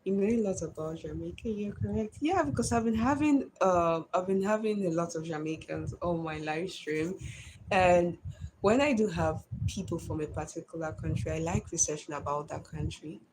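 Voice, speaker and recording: A woman's voice: fairly low pitch, normal speed, a little mellow, slight background noise. A woman with a Nigerian accent chatting casually on a live stream, greeting viewers by name and answering their comments.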